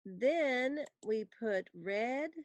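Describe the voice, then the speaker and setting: A woman teaching a recorded grammar lesson, explaining patiently and reading example sentences slowly for students to write down. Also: a little high, lively intonation, no room sound.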